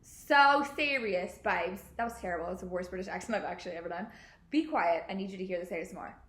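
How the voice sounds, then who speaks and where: A woman's voice: fairly low pitch, racing. A young woman in her twenties hosting a casual podcast from home, chatty and bubbly, swearing and laughing freely. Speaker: podcast host. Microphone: podcast mic. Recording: echoey room.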